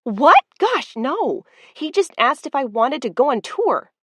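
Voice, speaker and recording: A woman voicing a flustered, proud young woman who talks in rushed, agitated bursts in an audiobook. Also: sits high, sing-song, no echo, voice pushed up. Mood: anxious. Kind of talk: audiobook character voice.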